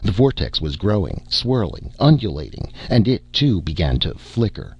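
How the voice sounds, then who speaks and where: A man reads a science fiction story aloud with a deep, husky voice and lively, dramatic rise and fall. The recording is dry and dull, with a lo-fi sound. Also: moderate pace, dry recording. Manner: dramatic, expressive reading. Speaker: narrator. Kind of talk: scripted story narration.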